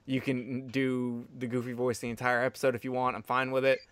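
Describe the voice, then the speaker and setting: A man hosts a casual podcast in a middle-pitched voice that sounds smooth and clear. He rambles with enthusiasm and swears freely. His sound is close and dry. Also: little pitch movement, fairly quick, a bit bright, no room sound. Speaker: podcast host.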